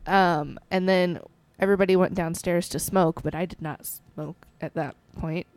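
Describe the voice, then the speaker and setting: A woman's voice: on the low side, fairly even intonation, normal speed, darkish tone, no room sound. A woman in her twenties co-hosting a casual podcast, rambling with lots of ums and giggles. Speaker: podcast co-host. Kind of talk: casual chat.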